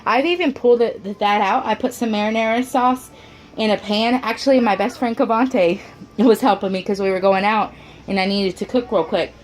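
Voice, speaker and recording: A woman's voice: mid-range voice, normal speed. A woman and mother of four chatting casually to her camera at home, rambling, with lots of fillers and restarts, and the odd "y'all". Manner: homey, says "y'all". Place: at home, indoors.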